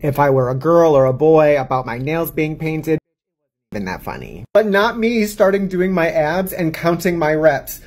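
A man's voice: a little high, lively intonation, normal speed, low-quality recording. Sassy gay man telling petty stories. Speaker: storyteller. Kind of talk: comedic storytelling.

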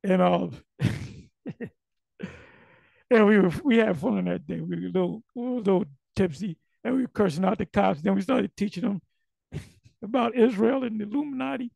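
A middle-aged man telling blunt, profane stories in a casual monologue, his voice going hoarse. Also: sits high, normal speed, pauses often, a little mellow, no room sound, poor audio. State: losing his voice.

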